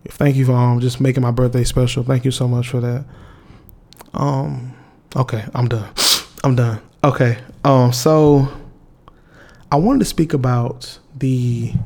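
Young guy rambling to his viewers, candid, lots of slang and restarts, mid-pitched voice. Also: fairly even intonation, unhurried, vocal fry, darkish tone. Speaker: vlogger. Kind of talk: casual heartfelt monologue to viewers.

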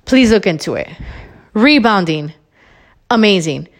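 A woman's voice: medium pitch, lively intonation, measured pace. A woman hosting her own podcast, ranting about wellness in a blunt, emphatic way, swearing freely and repeating her points, a little out of breath. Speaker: podcast host. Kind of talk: solo motivational rant.

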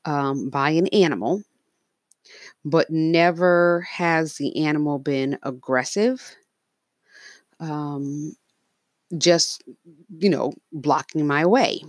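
A woman's voice: deep voice, no room sound. A woman casually narrating her dreams, rambling with fillers and restarts. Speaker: storyteller.

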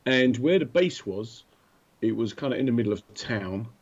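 Man telling lively stories. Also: mid-range voice, normal speed. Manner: animated anecdotes with acted-out voices. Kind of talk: casual storytelling chat. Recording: dull lo-fi sound.

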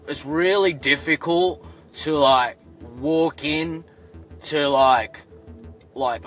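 An easygoing Australian-accented young guy, played by a man who wanders through every thought, doubling back and padding each line with fillers. The comedic monologue has a loose, rambling flow at an ordinary mid pitch. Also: fairly bright tone, close to an everyday voice. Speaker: comedy character.

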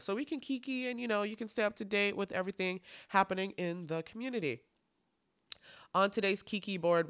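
A man in his twenties hosts a solo podcast, dishing out sassy, campy, profane commentary. His voice is bright and crisp, with a smooth, clean tone. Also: high voice. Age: 20s. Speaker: podcast host.

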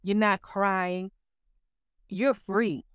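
Woman, earnest testimony speaker, warm direct address; smooth tone, mid pitch. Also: fairly even intonation, extremely slow, no room sound, clean studio sound. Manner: earnest, calls the listener honey. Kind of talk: personal spiritual testimony.

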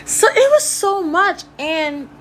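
A young woman speaks candidly and bluntly about her own life, cursing often and circling back with lots of fillers. Her pitch leaps high and drops low as she talks. A faint hiss sits under the voice. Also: very animated, slow, a bit bright, rough recording. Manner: casual, blunt, swears freely, rambling with fillers. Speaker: podcast host. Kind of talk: candid personal storytelling.

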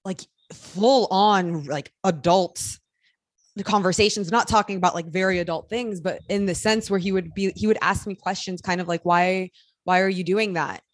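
A woman's voice: medium pitch, normal speed, no room sound. Chatty woman, dry close sound. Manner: earnest, chatty with many fillers. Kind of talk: casual podcast conversation.

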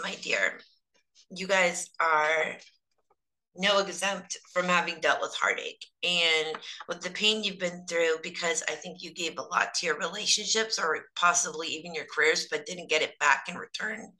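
A woman's voice: fairly low pitch, measured pace, bright, forceful tone, poor audio. A woman giving a casual, chatty tarot reading on a live stream, her voice strained from overuse. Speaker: tarot reader.

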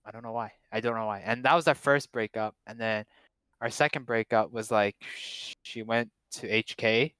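A man's voice: lowish voice, steady tone, normal speed, a bit bright, smooth, dry recording. A young man chatting casually about his past relationships, joking and rambling with many fillers and restarts. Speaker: guest.

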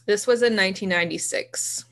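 Bright-voiced chatty woman podcaster. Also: medium pitch, fairly quick. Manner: chatty, laughs easily. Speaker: podcast co-host. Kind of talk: casual podcast chat.

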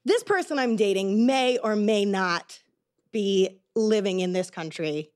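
A woman's voice: mid-range voice, lively intonation, unhurried. A woman co-hosting a podcast, telling a candid, profane story in casual chat full of fillers. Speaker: podcast co-host.

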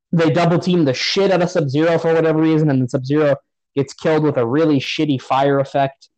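A man's voice: a little high, steady tone, fairly quick, darkish tone, no echo, highs cut off. A man on a podcast giving a profane, sarcastic rant about a movie in casual chat. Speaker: podcast host.

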